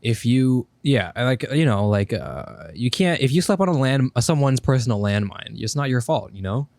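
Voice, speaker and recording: A man co-hosting a podcast in casual chat, animated, laughing often and repeating himself. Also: mid-range voice, normal speed, dry recording. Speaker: podcast co-host.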